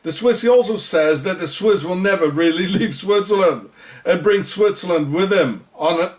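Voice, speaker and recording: A man's voice: high voice, normal speed. Sarcastic, rambling man narrating footage. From South Africa. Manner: sarcastic, repeats and restarts words. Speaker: video narrator. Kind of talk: rambling commentary over on-screen footage.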